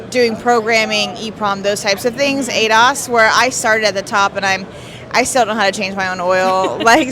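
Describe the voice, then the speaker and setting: A woman who runs an auto business, answering interview questions in a halting way with many fillers. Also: medium pitch, fairly bright tone. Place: busy trade show floor. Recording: crowd chatter behind.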